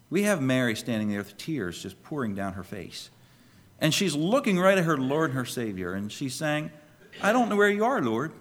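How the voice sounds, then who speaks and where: A man's voice: medium pitch, fairly bright tone. A male pastor preaching a sermon emphatically and putting questions to the congregation.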